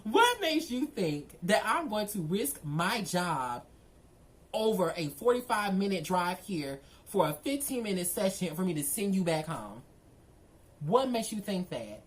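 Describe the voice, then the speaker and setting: A woman's voice: medium pitch, big pitch swings, a little slow. A woman telling a story to her viewers in a casual, sassy and profane way, often calling them girl and y'all.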